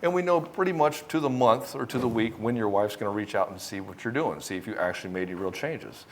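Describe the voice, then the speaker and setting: Talking fast in a lowish voice, with slight background noise, a man gives relationship coaching to other men directly into the camera. His style is confrontational and profane, and he imitates the men he's tearing into.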